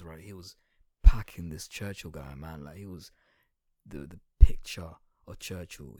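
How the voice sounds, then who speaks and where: Low, husky young guy ranting sarcastically. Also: warm tone, dry recording. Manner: sarcastic, crude, rambling, slangy. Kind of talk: satirical comedic rant.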